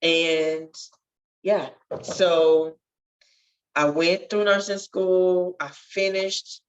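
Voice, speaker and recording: Woman pouring out her story, kinda low voice, muffled lo-fi sound. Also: flat delivery, drawn-out words. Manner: earnest, testifying, swells with feeling. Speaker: podcast guest, nurse. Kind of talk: emotional storytelling interview.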